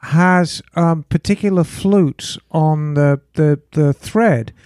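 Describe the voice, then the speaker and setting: A woman with an English accent co-hosting a casual podcast chat, often pausing with fillers as she searches for words. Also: low-pitched, mellow, no room sound, clean studio sound. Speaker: podcast co-host.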